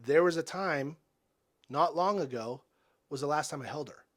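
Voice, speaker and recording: A man in his forties, a podcast guest telling personal stories in an earnest, halting way, often restarting and dropping soft and quiet. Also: fairly high pitch. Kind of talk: reflective personal storytelling.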